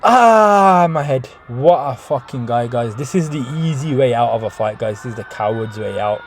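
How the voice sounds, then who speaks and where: A man's voice: mid-range voice, fairly even intonation, fairly quick, warm tone, slight background noise. A man hosting a casual reaction video, swearing constantly, rambling through restarts and calling his viewers guys.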